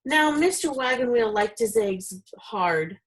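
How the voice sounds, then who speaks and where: A woman reading a children's chapter book aloud in a steady, expressive way. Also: fairly high pitch, unhurried, poor audio. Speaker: reader. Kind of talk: storybook reading.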